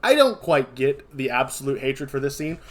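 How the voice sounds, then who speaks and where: A man's voice: mid-range voice, big pitch swings, moderate pace. Rambling casual man from Kentucky. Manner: rambling, loose recap full of fillers and self-corrections. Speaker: podcast co-host recapping a film. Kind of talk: casual chat.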